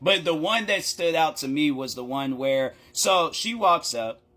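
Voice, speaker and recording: A man tells a rambling story time vlog in a slightly high, bright, forward voice. He talks casually and with lots of energy, laughing often and slipping into acted-out quotes as he goes. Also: lively intonation, measured pace. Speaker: content creator.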